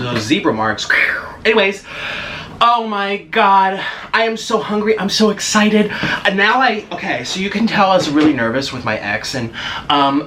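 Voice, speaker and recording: A man in his twenties chatting in a casual mukbang vlog, excitable and gushing. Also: on the high side, noisy background. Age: 20s. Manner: excitable, gushing, many gasps and squeals. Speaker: vlogger. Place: apartment in a busy city. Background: faint street ambience.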